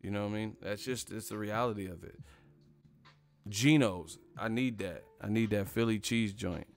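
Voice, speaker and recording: A man's voice: on the low side, normal speed, vocal fry, soft background music. A man hosting a casual live stream about boxing, ranting in a rambling, profane way and laughing at his own jokes. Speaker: boxing commentary host.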